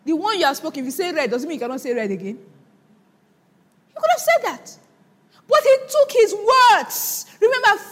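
Brief: woman preacher, very high swooping voice, long hall reverb, animated sermon delivery. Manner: animated, laughs often, dramatic retelling. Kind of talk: sermon, Bible teaching.

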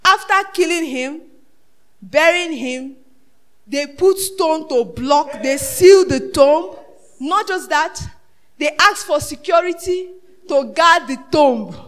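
A woman preacher with a high voice, delivering a sermon in bursts. She rises to shouts and falls to near-whispers, and often asks the congregation questions. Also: lively intonation, slow. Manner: dramatic, swinging between shouted peaks and hushed asides.

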